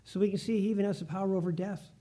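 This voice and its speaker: A man preaching a Bible lesson, reading scripture aloud slowly and deliberately. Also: sits high, steady tone, warm tone. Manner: reads verses slowly and deliberately, with restarts.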